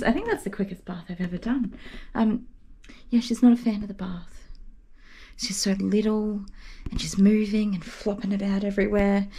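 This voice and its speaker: A woman's voice: mid-range voice, fairly even intonation, normal speed, mellow, a little hiss or hum. A woman dog groomer chatting on a live stream from her grooming salon, cooing over a tiny dog and sometimes dropping to a whisper.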